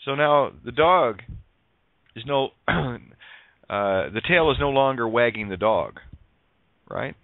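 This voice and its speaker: A talk radio host delivers an emphatic, sarcastic, preachy spiritual monologue packed with wordplay and swearing. His mid-range voice is expressive, and he takes it slowly with frequent pauses. The audio has no echo but sounds tinny, like phone-line radio.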